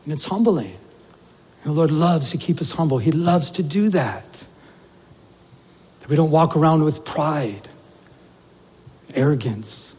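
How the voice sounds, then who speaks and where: A male pastor with a high-pitched voice delivers a conversational sermon. His talk is earnest and loose, full of fillers and restarts. The sound carries a long reverb, as in a large hall. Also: animated, a little slow, pauses often, a little mellow, slightly rough. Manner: earnest, conversational preaching with many fillers and repeated words.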